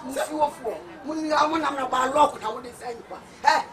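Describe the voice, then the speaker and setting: A man with a Ghanaian accent in a comedy skit, loud, bossy and argumentative. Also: extremely high pitch, fairly even intonation, brisk. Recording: distant mic, crowd noise behind.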